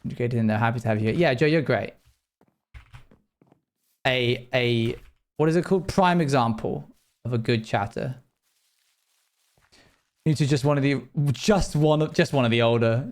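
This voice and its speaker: A man's voice: medium pitch, animated, normal speed, long pauses. Rambling young male streamer chatting casually. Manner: rambling, chatty, often restarts mid-sentence. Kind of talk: casual livestream chat while playing.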